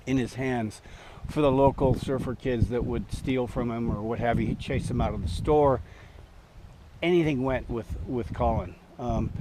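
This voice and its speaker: A man's voice: mid-range voice, noisy background. A man in his sixties telling a story from his past in a casual, rambling way, chuckling, with many fillers and restarts.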